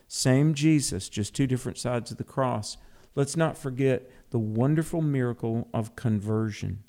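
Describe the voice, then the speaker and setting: A man's voice: mid-range voice, warm tone. A man co-hosting a conversational Bible teaching, earnest, explaining terms and often repeating words as he starts a thought.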